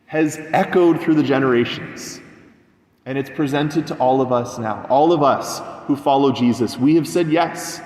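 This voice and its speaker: A man's voice: medium pitch, a little mellow. A young male priest preaching a sermon, telling a story and acting out the voices of the people in it. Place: church. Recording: echoey church with long reverb.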